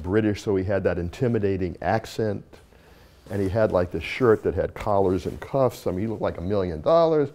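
Low mellow-voiced male lecturer. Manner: storytelling with asides and self-corrections. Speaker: university dean lecturing a class. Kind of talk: informal classroom talk. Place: classroom.

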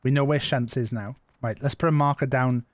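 A man's voice: mid-range voice, fairly even intonation, brisk, no room sound. A man streaming a survival game, chatting loosely and repeating himself as he plays. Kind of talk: live gameplay commentary.

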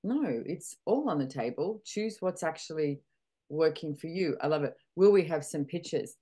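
A woman's voice: low-pitched, animated, moderate pace, warm tone, husky. A middle-aged woman with an Australian accent talks candidly in a casual conversation and acts out her own reactions as she goes. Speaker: podcast host. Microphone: video call.

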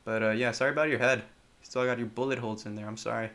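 A young man giving casual, joking commentary on a horror game, chatting to the characters and breaking into loud yelps. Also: mid-range voice, fairly even intonation, fast. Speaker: gameplay commentator.

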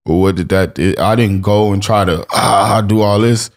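Laid-back low-voiced man, slangy stories. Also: normal speed. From Los Angeles. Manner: laid-back storytelling, heavy slang and swearing. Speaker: podcast guest, streetwear brand owner. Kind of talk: casual chat.

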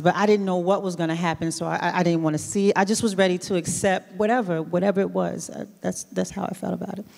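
A woman from New York speaks on a theater stage, with a lowish voice. She tells her story animatedly, laughs often and restarts her sentences. A long hall reverb hangs on her words. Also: creaky. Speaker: award honoree guest. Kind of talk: onstage interview conversation.

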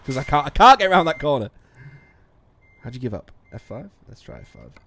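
A man's voice: a little high, big pitch swings, a little fast, fairly bright tone. A man casually commenting while playing a game, chatty and self-mocking, swearing often and laughing a lot. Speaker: streamer.

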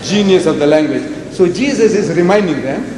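An older man giving an animated public debate lecture, quoting scripture and acting out dialogue. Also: sits high, moderate pace, background noise. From South Africa. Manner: emphatic, animated, quotes scripture and acts out dialogue. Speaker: lecturer on religion. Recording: echoey hall, long reverb.

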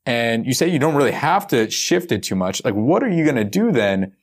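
A man's voice: medium pitch, very animated, a little fast. A man hosting a podcast, asking his guest loose, casual questions. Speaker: podcast host.

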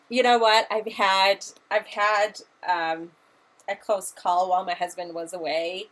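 A woman's voice: on the low side, a bit bright, low-quality recording. A woman in her thirties hosting a live craft tutorial, chatty and a little flustered, apologizing often as she works. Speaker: craft demonstrator.

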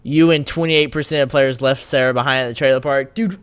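A man's voice: medium pitch, steady tone, brisk, few pauses, a bit bright, smooth. A male streamer giving live reactions to a game, exclaiming in disbelief.

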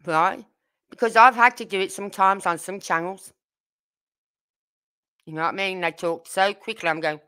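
A Brummie-accented woman from Birmingham, England, hosts a true crime livestream, talking to viewers bluntly and indignantly in an informal way. Her mid-range voice is sharp and clean, delivered at a moderate pace.

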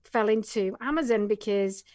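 A woman's voice: medium pitch, normal speed, darkish tone, no echo, studio quality. A middle-aged woman from England with an English accent, a talkative guest in a casual podcast interview. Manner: chatty and talkative. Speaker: guest, business coach.

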